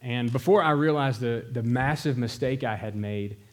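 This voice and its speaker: A man's voice: mid-range voice, moderate pace, a little mellow. A middle-aged pastor preaching a sermon, telling a story with emphasis and speaking directly to his congregation. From American South.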